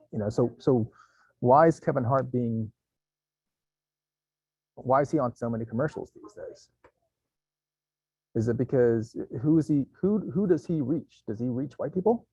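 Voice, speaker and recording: A man leads a casual panel discussion, his voice dark and a little husky. He searches for words and restarts his sentences. The sound is muffled and dry. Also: medium pitch, no echo. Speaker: panel moderator and company co-founder.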